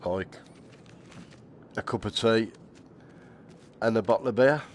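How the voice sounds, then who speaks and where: A man's voice: lowish voice, slow pace, a little hiss or hum. Chatty man streaming a game. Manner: chatty, laughs often, swears casually. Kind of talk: casual live-stream chat.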